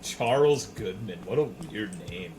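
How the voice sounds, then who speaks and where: A man's voice: lowish voice, lively intonation, unhurried, a little mellow, slight background noise. A man streaming a video game, chatting casually with his viewers in profane, joking banter. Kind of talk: casual chat with viewers while gaming.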